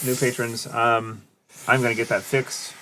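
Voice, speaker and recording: A man's voice: mid-range voice, little pitch movement, a little slow, bright, forceful tone, slight background noise. Male host, 30s, rambling and self-deprecating, laid-back stream chat. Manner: rambling, hesitant, self-deprecating, many fillers. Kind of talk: casual chat on a game stream.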